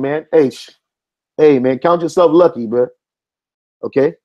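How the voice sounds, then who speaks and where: A man's voice: fairly high pitch, unhurried, lo-fi sound. A man preaching informally, reading an article aloud and arguing back at it, with street-casual talk full of "man". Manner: stops to reread passages and argue back. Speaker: religious commentator.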